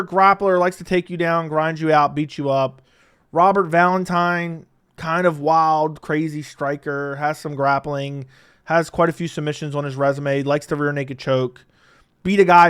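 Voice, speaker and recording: A man with a smooth, clear, slightly high voice talks through fight picks in a loose, unscripted monologue. He is blunt and cusses freely. He laughs often and jumps from loud bursts to mutters. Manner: blunt, profane, laughs often, animated swings in loudness. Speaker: MMA predictions commentator. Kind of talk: casual fight predictions monologue.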